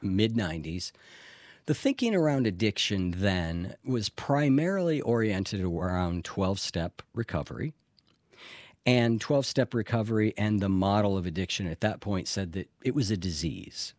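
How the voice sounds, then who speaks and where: A man's voice: fairly low pitch, lively intonation, moderate pace, a little mellow, no room sound, studio quality. A middle-aged man speaking candidly in an interview, reflective and earnest, with the odd restart. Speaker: interview guest in addiction recovery.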